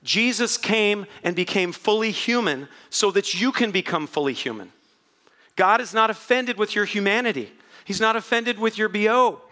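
A man's voice: high-pitched, moderate pace, bright, forceful tone. A man preaching a sermon to a congregation, joking and playful, with asides to the crowd. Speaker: pastor.

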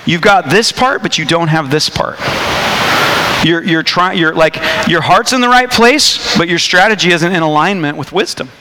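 A man preaching a sermon, telling a personal story in a casual, animated way with many fillers and restarts. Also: a little high, normal speed, background noise. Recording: long hall reverb.

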